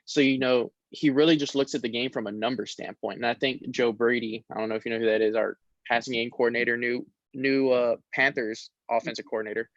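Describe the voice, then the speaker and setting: A young man, a college football player, talking casually in an interview, relaxed and rambling with many fillers. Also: mid-range voice, brisk, hardly any pauses, no echo. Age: young adult. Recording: dull lo-fi sound.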